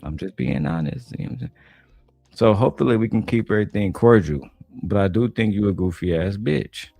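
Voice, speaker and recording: A man from Detroit with a deep, low voice tears into a panel in loose, profane slang. His talk is blunt and trash-talking, recorded dry and close with a faint music bed. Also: animated, fairly quick, gravelly, warm tone, no room sound. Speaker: commentator reacting to a panel clip. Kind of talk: profane reaction commentary.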